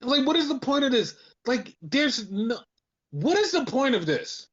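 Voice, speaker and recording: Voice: high-pitched, sing-song, a little slow, fairly bright tone, muffled recording. A podcast co-host in casual chat, ranting with heavy swearing and lots of repetition. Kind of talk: casual wrestling review chat.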